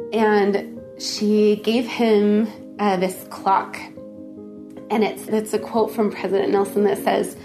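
A woman casually telling a personal story, laughing often and acting out the dialogue in lively voices. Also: medium pitch.

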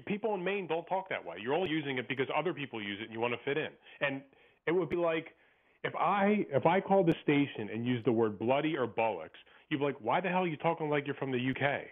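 A man from Philadelphia calling in to a radio show by phone, ranting in an opinionated, rambling way. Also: a little high. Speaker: caller. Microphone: telephone. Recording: tinny phone line on radio.

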